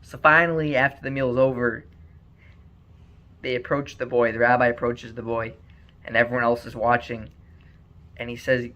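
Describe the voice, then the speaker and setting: A man telling a story aloud in an earnest, animated way, on a muffled lo-fi recording. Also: mid-range voice, normal speed, pauses often. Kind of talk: spoken storytelling.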